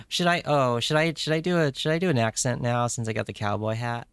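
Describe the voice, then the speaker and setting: A man streaming a story game live, reacting in a playful, excitable way with jokey asides. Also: mid-range voice, brisk, hardly any pauses, clear, resonant tone, no echo. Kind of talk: live playthrough commentary.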